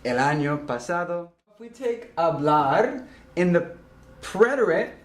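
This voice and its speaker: A man teaching a recorded grammar lesson, explaining slowly and deliberately with frequent ums and uhs. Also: sits high, roomy sound, slight background noise. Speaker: Spanish teacher.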